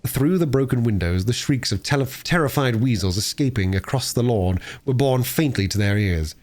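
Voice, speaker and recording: Lively, expressive male storyteller. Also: mid-range voice, moderate pace. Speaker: audiobook reader. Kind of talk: unabridged cold reading of a classic novel.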